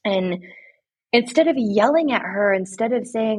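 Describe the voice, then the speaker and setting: A woman giving earnest, direct faith-based advice to parents, retelling a story with lively asides. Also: fairly high pitch, unhurried, husky, no room sound, dull audio. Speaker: guest speaking to parents.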